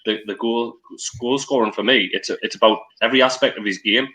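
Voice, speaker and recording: A man's voice: medium pitch, a little fast, bright, forceful tone, low-quality recording. A man on a video call, giving rambling, opinionated football talk on a live fan stream. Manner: rambling, opinionated, many restarts. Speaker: co-host on a live match-day fan stream. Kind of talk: casual opinionated football chat.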